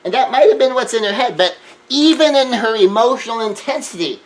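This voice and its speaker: A man giving an earnest self-help lecture, shifting between hushed remarks and emphatic raised lines. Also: extremely high pitch, sing-song, fairly quick, slight background noise, rough recording. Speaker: speaker.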